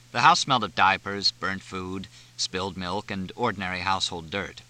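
A man narrating an audiobook in a measured, expressive way. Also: low voice. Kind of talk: scripted narration.

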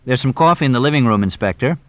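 A man voicing a quick-witted, evasive young man who answers briskly and glibly. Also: mid-range voice, lively intonation, no echo, dull audio, pitched above the performer's own voice, lightly acted. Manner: brisk, glib, deflecting.

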